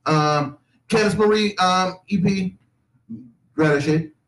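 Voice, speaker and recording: A high-pitched man hosting a podcast, joking and teasing in crude, casual banter. He keeps the talk loose and playful. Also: slow, fairly bright tone, roomy sound, far from the mic, low-quality recording. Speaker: podcast host.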